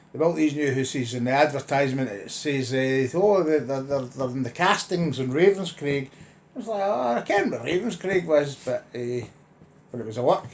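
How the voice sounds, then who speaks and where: A man's voice: a little high, slight background noise. Wry middle-aged Lanarkshire Scottish man. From Scotland. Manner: chatty, wry, grumbling. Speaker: vlogger. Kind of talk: casual ranting monologue.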